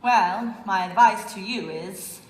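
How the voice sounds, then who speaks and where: A woman's voice: medium pitch, takes it slowly, a little hiss or hum, lightly acted. A woman playing a languid, worldly chaperone with a dry theatrical manner in a stage musical. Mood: grand. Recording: echoey hall, live stage.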